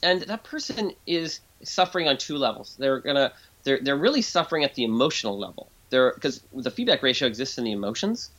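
Appearing as an interview's guest expert, this man talks a little fast in a medium-pitched voice over dull audio. He explains things in a lively, chatty way, frequently restarting sentences and performing voices for anyone he quotes.

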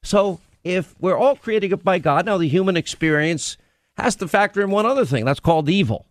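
A man's voice: sits high, expressive, moderate pace, no room sound, studio quality. A man hosting a talk radio show, speaking emphatically and repeating his points for effect. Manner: emphatic, repeats key phrases.

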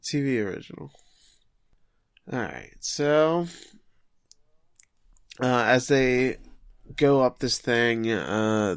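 A man's voice: on the low side, clean tone, dry recording, clean studio sound. A man co-hosting a podcast, chatting casually and joking as he recaps an anime episode, with lots of fillers. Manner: joking, chatty, thinks aloud with many fillers. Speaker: podcast co-host.

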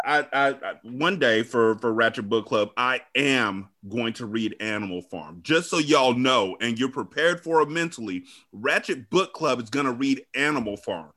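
A man's voice: medium pitch, lively intonation, normal speed, hardly any pauses, bright, forceful tone. A man co-hosting a casual chat, making pointed, wry remarks. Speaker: podcast co-host.

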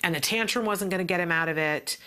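Bright-voiced woman telling a lively story. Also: fairly low pitch, quick pace. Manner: expressive storytelling, acting out quotes. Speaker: parent sharing advice with other parents. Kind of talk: casual teaching talk.

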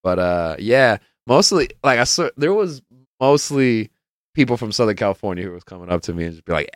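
A man hosts his own podcast in a casual storytelling monologue. His voice is smooth and resonant and sits at an ordinary middle pitch. The sound is dry and close, and he rambles, swears and laughs while acting out the quotes. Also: expressive, fast talker, dry recording. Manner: rambling, profane, laughs often, acts out quotes. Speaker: podcast host.

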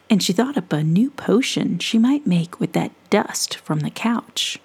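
A woman reading a children's story aloud in a soft, half-whispered, playful voice. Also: mid-range voice, animated, measured pace. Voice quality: breathy, soft, playful with made-up words.

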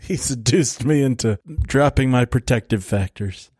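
A man's voice: medium pitch, normal speed, a little mellow, breathy edge, no echo, clean studio sound. A man co-hosting a casual podcast chat, easygoing and joking, rambling through plot summaries. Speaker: podcast co-host reviewing movies.

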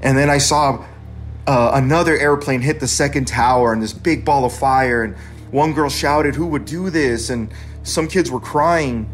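A man's voice: medium pitch, moderate pace. Brief: earnest forties man, personal story narration, faint music underneath. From California. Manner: earnest, plain-spoken, conversational.

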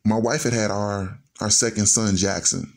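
Gravelly low-voiced man telling his story. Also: steady tone, moderate pace. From Chicago, USA. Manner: earnest, conversational, repeats "and so". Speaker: storyteller guest. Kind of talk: personal storytelling.

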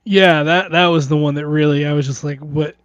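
Higher-voiced man, quick to laugh. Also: steady tone, clear, resonant tone, no echo. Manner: laughs often, quick short agreements. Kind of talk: casual chat. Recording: dry, dull lo-fi sound.

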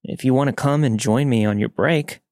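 A man doing a sleazy middle-aged trucker with a lazy Southern drawl, low and dry-sounding, pushy in every line. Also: normal speed, darkish tone, dry recording, lightly acted. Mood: leering. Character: crude flirty middle-aged male trucker turning nasty.

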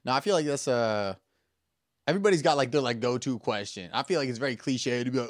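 Male co-host, mid-pitched and animated, quick crude riffs, dry mic. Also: no echo. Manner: crude, riffing, playful. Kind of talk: casual podcast banter.

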